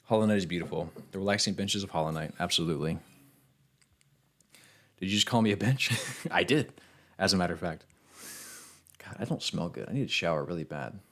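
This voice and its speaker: This low-pitched man speaks briskly but leaves long pauses as he streams a fighting game. Chatting loosely with his audience, he hurls excited, expletive-heavy trash talk at his opponents in casual gameplay commentary.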